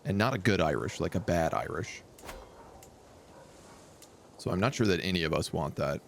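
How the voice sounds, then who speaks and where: Gravelly low-voiced male game streamer. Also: animated, moderate pace, a bit bright, slight background noise. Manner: thinking aloud, casual and chatty. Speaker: streamer playing a strategy game. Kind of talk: live gameplay commentary.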